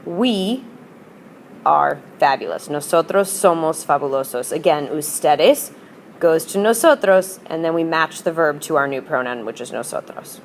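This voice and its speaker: A woman's voice: sits low, animated, measured pace, a little hiss or hum. A woman teacher explaining grammar in a patient, upbeat lesson and modelling example phrases for students. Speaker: Spanish teacher. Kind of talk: recorded classroom lesson.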